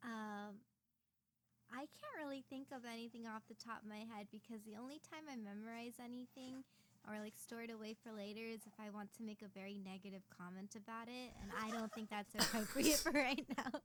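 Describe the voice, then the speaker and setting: A young woman who is a guest on a casual podcast keeps her answers short and dry. Her voice sits fairly high, and faint noise runs underneath it. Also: brisk, a bit bright. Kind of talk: casual chat.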